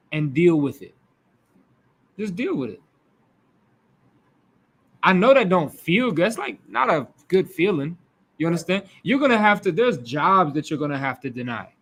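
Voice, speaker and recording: Animated man teaching a Bible class. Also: high voice. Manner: animated, acts out quoted voices.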